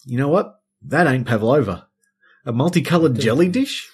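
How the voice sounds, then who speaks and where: Man, husky, casual banter, joking, reads news bits. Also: medium pitch, very animated, normal speed. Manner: joking, laughs mid-sentence. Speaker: radio co-host.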